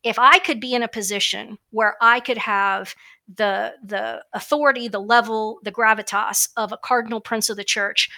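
Woman commentator, monologue; slightly high, forceful tone; blunt, emphatic, fillers. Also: fairly even intonation, moderate pace. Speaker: religious commentator. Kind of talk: opinionated monologue.

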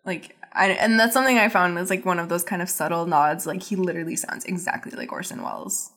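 A woman's voice: lowish voice, very animated, fast, a bit bright. A young woman podcast host recapping an episode in a chatty, giggly way, full of "like".

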